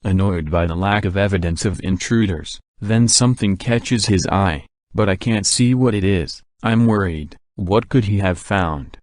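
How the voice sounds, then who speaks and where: A man narrating an audiobook in a steady, even reading. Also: sits low, measured pace, few pauses, no room sound, clean studio sound. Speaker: audiobook reader. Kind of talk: scripted narration.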